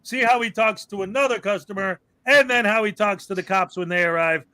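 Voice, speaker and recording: High-voiced chatty man hosting. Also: sharp tone, dry recording. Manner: chatty, laughs often, quick asides. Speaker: show host. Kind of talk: casual commentary over video clips.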